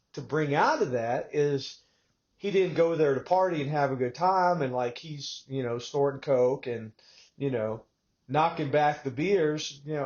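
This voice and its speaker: A man from Texas hosting a podcast, telling stories in a rambling, animated way with many asides. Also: a little high, highs cut off. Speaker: podcast host. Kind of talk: casual conversational podcast talk.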